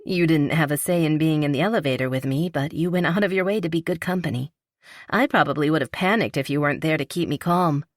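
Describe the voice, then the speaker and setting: A woman narrator voicing a veteran male firefighter in a romance audiobook, friendly and low-key. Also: fast talker, no room sound, clean studio sound, close to an everyday voice. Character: man, veteran firefighter, easygoing and earnest. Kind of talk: audiobook character reading.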